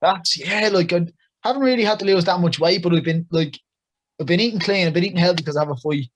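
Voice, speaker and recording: Chatty young Irish man, higher voice. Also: fast. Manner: chatty and upbeat, full of praise for others. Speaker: boxer guest. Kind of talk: casual interview chat.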